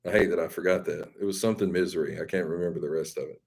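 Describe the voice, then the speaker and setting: A man's voice: low voice, steady tone, very fast, vocal fry, a little mellow, breathy edge. A man with a Southern accent, hosting a live stream and chatting casually with viewers in a rambling, folksy, self-deprecating way. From Mississippi.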